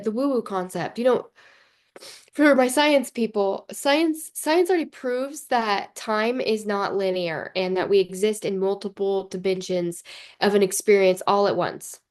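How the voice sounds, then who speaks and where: A woman hosting her own show, talking in a rambling, emotional confessional monologue full of "like", close to tears. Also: medium pitch. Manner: rambling and emotional, heavy use of "like". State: tearful, close to crying. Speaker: podcast host.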